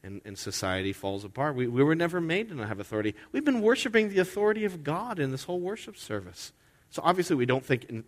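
A man preaching a sermon as head pastor during a worship service, talking conversationally and throwing in rhetorical questions and asides. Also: medium pitch. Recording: long reverb of a large hall.

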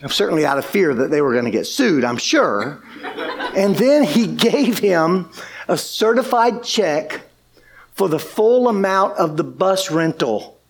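A man preaching a sermon, telling a story with lively delivery and acting out quoted lines. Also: high voice, unhurried. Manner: animated, acts out quoted speech. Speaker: pastor.

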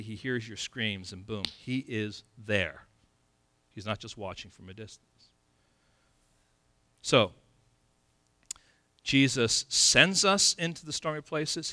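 Bright-voiced animated male preacher. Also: medium pitch, no echo. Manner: animated, conversational preaching with sound effects. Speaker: pastor. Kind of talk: sermon.

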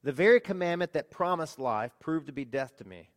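A pastor preaching a sermon, telling stories with lively rhetorical questions to his congregation. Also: on the high side, fairly quick.

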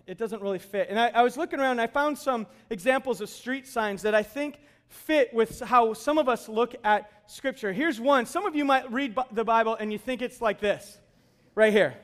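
A man's voice: extremely high pitch, normal speed, hardly any pauses. A man preaching a sermon as pastor in a church sanctuary, in a conversational way and joking with the congregation.

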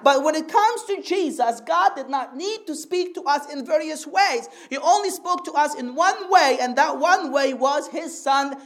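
A woman with a high, bright-pitched voice preaches a sermon to her congregation. She teaches patiently and keeps asking for an amen. She slows down and stretches out the phrases she wants to stress. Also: expressive. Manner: draws out key phrases slowly for emphasis.

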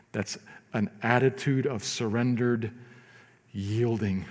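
A male pastor preaching a sermon in a conversational way, swinging between quiet asides and loud emphatic stretches. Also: medium pitch, normal speed, big-room sound.

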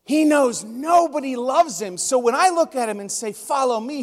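A pastor preaching a conversational sermon, telling stories with emotion. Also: male voice, very high voice, lively intonation, normal speed, hardly any pauses. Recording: long reverb of a large hall.

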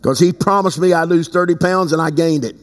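Preacher with a high voice in a hall. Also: male voice, brisk, soft background music. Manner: conversational preaching, swings to loud emphatic outbursts. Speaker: bishop and pastor. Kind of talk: sermon. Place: church sanctuary. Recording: long reverb in a large hall.

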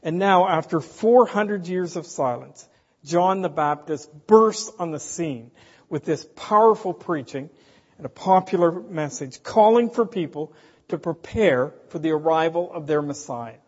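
A man preaching a sermon in a slow, emphatic way, asking the congregation rhetorical questions. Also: on the high side, lively intonation. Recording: dull, hall reverb, from a distance.

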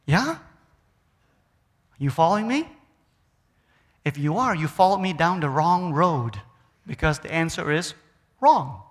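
A middle-aged man preaching a sermon as a guest speaker in a church, animated, swinging from loud emphasis to near-whispers. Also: on the high side. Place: church sanctuary. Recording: long reverb of a church hall.

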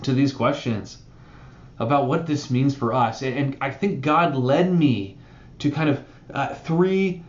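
The recording is reverberant and lo-fi, capturing a pastor with a mid-range voice giving a sermon. He explains a Bible passage in a chatty, animated style, with "right?" coming up often as an aside.

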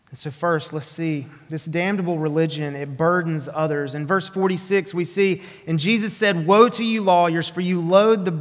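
A man's voice: fairly high pitch, a bit bright, in a large hall. A man with a Southern drawl preaching an earnest, emphatic sermon, often restarting his phrases. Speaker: pastor.

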